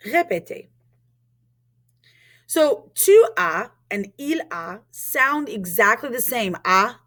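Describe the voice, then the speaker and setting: A woman teaching French in a recorded lesson, modeling words clearly and asking learners to repeat after her. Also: mid-range voice, a bit bright.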